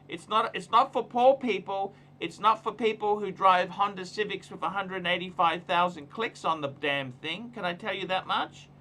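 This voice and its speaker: A man's voice: sits high, moderate pace, few pauses, sharp tone, slight background noise. A man hosting a casual livestream, giving emphatic, repetitive, ranting advice. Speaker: livestream host.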